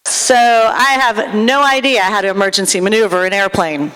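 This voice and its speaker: A woman telling a rambling true story to a theatre audience, restarting sentences and jumping up in pitch when excited. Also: normal speed, clean tone. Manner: animated, voice leaps up when excited. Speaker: storyteller on stage. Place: theatre stage. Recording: long theatre reverb.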